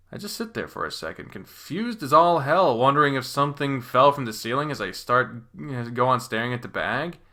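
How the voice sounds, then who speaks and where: A man giving a dramatic first-person reading of a visual novel, expressive and profane, moving between hushed and loud. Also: mid-range voice. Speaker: reader voicing a visual novel.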